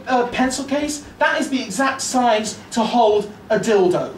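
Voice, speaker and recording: A young man doing a stand-up comedy set, rambling and swearing, jumping to loud punchlines, from England. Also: extremely high pitch, lively intonation, measured pace, a little hiss or hum. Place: comedy club stage. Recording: roomy club recording from far off. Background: audience laughter.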